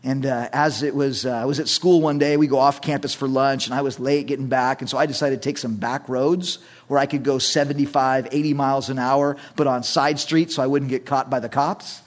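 A middle-aged male pastor preaching a sermon, telling personal stories in an animated way and acting out the voices in them. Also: mid-range voice, brisk, few pauses. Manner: animated storytelling, acts out shouted quotes.

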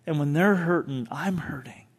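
A man delivers a sermon in a fairly high voice. He talks to his congregation in a relaxed, conversational way with easy laughs, then climbs into loud, fervent stretches. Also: moderate pace, slightly rough. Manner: builds from calm to loud, fervent peaks; laughs easily, conversational asides. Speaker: pastor.

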